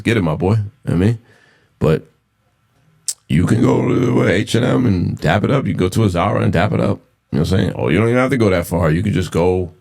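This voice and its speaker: A man's voice: low-pitched, gravelly, darkish tone. A man in his thirties hosting a casual solo podcast, blunt and profane, repeating himself for emphasis. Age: 30s. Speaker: podcast host.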